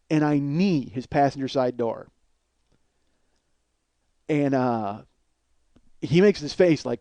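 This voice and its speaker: A man in his forties, a comedian host, telling a long story in a blunt, profane, animated way. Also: medium pitch, slow, long pauses, dry recording. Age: 40s.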